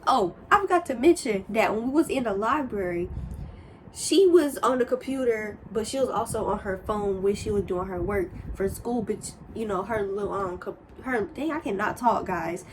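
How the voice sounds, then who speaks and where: A young woman telling a casual storytime, rambling and animated, with sudden high exclamations. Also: normal speed, slight background noise. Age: young adult. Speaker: storyteller vlogger.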